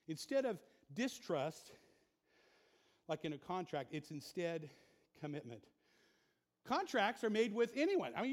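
A male pastor preaching a sermon to a congregation, asking them questions and building to impassioned emphasis. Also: high voice. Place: church sanctuary. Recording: long hall reverb.

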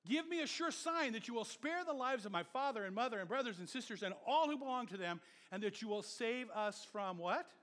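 A male pastor preaching a sermon in an animated way, swinging from loud exhortation to low murmurs and prompting the congregation to repeat words after him. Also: brisk, few pauses, long reverb tail.

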